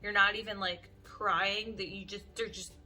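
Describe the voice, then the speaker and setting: A young woman beauty vlogger talking to camera in an animated, chatty way, leaning heavily on "like" as she tells stories. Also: mid-range voice, moderate pace. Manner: animated, chatty, heavy use of "like". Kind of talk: casual storytelling chat to camera.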